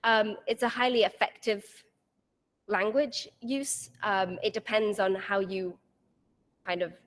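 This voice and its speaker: A woman's voice: medium pitch, fairly even intonation, slow. A young woman lecturing to students, her sentences tending to tip upward at the close. Her mid-range voice rings out with a long reverb that trails behind each phrase. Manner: rising intonation at the end of sentences. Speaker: guest lecturer. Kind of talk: university lecture.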